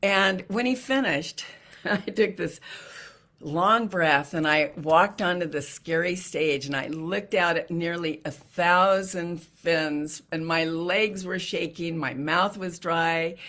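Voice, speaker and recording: A middle-aged woman giving a heartfelt storytelling talk as an inspirational speaker. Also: lowish voice. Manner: earnest, heartfelt, softening to hushed.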